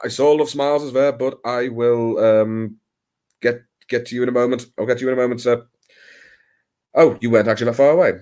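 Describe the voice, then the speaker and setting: A man's voice: medium pitch, fairly even intonation, fairly quick, warm tone. A man hosting a late-night livestream, chatting casually in a rambling, self-deprecating way with many hesitations, talking into his computer mic at home. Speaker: livestream host.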